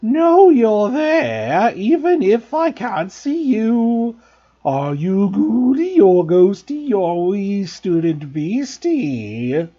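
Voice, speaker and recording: A man voicing a mischievous male poltergeist who taunts and then fawns in a greasy, wheedling, drawn-out way. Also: high-pitched, sing-song, mellow, highs cut off, voice pushed up, heavily acted. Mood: taunting.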